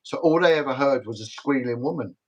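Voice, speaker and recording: A man's voice: medium pitch, a little fast, poor audio. Emphatic middle-aged British man. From Britain. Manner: emphatic, repetitive, rambling storyteller. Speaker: guest, retired detective. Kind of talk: casual livestream interview talk.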